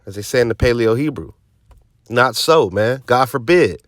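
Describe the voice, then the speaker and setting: A man's voice: mid-range voice, expressive, normal speed, no room sound, studio quality. A man preaching scripture informally, emphatic and streetwise, often tossing in "man" and "right?" and sarcastic asides. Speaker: teaching officer of a religious group.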